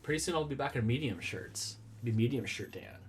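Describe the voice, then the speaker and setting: A man's voice: medium pitch, lively intonation, brisk, a little hiss or hum. Chatty man rambling on a live stream. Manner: chatty, rambling and playful, jokes about himself. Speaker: vlogger hosting a live stream. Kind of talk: casual live-stream chat, answering viewer comments. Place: small room at home with a red wall and lava lamps.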